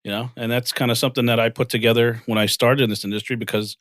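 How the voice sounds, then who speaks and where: A fast-talking man with a medium-pitched voice, guest and financial firm co-founder in his forties, walks through his career in a casual interview. Animated, he plays out conversations in quotes. There's no room sound; it's studio quality.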